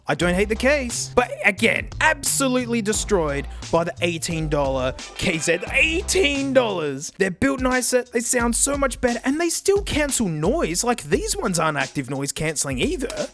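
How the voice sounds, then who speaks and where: A man's voice: high voice, very animated, normal speed, few pauses, fairly bright tone, soft background music. An Australian man reviewing earbuds in a blunt, joking, casual way, often saying mate. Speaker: headphone reviewer.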